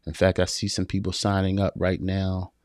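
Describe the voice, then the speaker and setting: A man with a low, dry voice hosts a live talk for men, repeating his points with emphasis like a preacher. He calls his listeners brother and answers viewer questions as they come in. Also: completely flat delivery, normal speed, a little mellow, dry recording. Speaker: podcast host.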